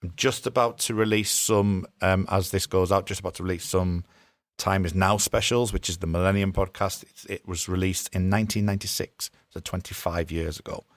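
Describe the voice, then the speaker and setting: A man's voice: low voice, steady tone, a little fast, dry recording, studio quality. A man co-hosting a podcast, giving a casual, rambling sign-off full of fillers and restarts. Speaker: podcast co-host.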